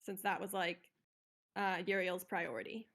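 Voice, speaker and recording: A woman's voice: fairly low pitch, flat delivery, normal speed, gravelly, a bit bright. A woman playing in a tabletop game, explaining her plans in a rambling, hesitant way. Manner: rambling, hesitant, lots of likes. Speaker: player.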